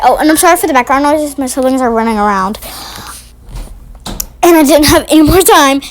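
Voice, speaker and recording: A woman's voice: sits high, fairly quick, a little hiss or hum, poor audio. A woman telling a rambling storytime vlog in a chatty way, full of restarts. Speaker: vlogger.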